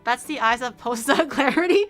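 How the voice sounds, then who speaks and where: Woman streamer, high voice, playful, excitable, squeals and laughs, casual chat, faint music behind. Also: normal speed.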